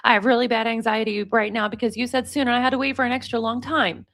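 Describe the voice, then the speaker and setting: Woman reading anxious young girlfriend, pleading, repetitive, fairly high voice. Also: level tone, fast talker, fairly bright tone, close to an everyday voice. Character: needy anxious young woman texting her boyfriend.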